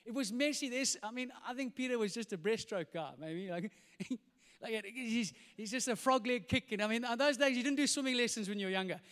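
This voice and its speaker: A man preaches in a high, light voice, and his words ring out through a reverberant church hall. He tells the story with big swings from loud, animated moments to hushed, intimate ones. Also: brisk. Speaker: pastor. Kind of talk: sermon.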